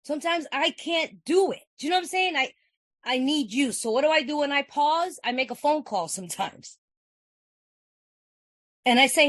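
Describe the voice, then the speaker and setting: A woman's voice: high voice, expressive, measured pace, pauses often, a bit bright, no room sound. A woman from California giving an earnest, conversational personal share at a recovery meeting, repeating phrases and often asking "you know what I'm saying".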